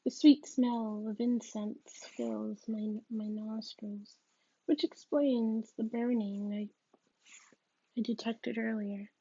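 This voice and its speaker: A woman's voice: fairly high pitch, steady tone, slow pace, gravelly, mellow, breathy edge, no echo, highs cut off. A woman reading a novel aloud, hesitant and often restarting her sentences. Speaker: reader.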